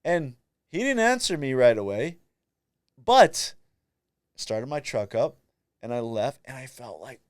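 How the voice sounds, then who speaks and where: A man's voice: mid-range voice, very animated, measured pace, pauses often, clear, resonant tone, dry recording, clean studio sound. A man hosting a faith podcast, telling reflective stories about prayer and quoting his own conversations. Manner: reflective, storytelling, quotes himself and friends. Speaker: podcast host.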